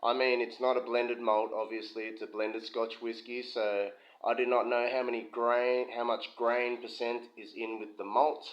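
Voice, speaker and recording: A man's voice: mid-range voice, little pitch movement, normal speed, hardly any pauses. A man giving a casual, rambling whisky review from his home kitchen, full of asides. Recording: dull lo-fi sound with slight room echo.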